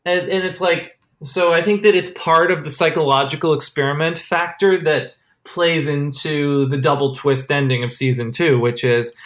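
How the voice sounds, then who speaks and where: A podcast co-host in casual chat, rambling and excitable, with many restarts. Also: mid-range voice, moderate pace, hardly any pauses.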